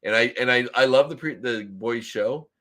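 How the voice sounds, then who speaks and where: A man's voice: medium pitch, moderate pace, sharp tone. A man from Nova Scotia co-hosting a casual review podcast, rambling with many ums and restarts. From Canada, Nova Scotia. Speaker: podcast co-host.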